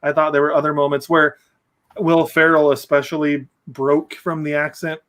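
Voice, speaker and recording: A young man hosting a casual podcast about a movie, his voice sitting a little high. He rambles and restarts his sentences often. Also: level tone, normal speed, fairly bright tone. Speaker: podcast host.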